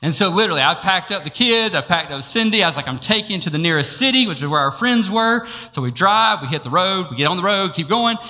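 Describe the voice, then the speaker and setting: A man's voice: high voice, lively intonation, fast talker, hardly any pauses, sharp tone. A man preaching a sermon who tells a personal story, acts out the dialogue and laughs often. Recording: long reverb of a large hall.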